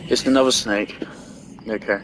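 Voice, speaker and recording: A man's voice: fairly low pitch, steady tone, moderate pace, over music. A young man giving angry gameplay commentary, ranting and swearing heavily. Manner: furious ranting, heavy swearing. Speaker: gaming video creator.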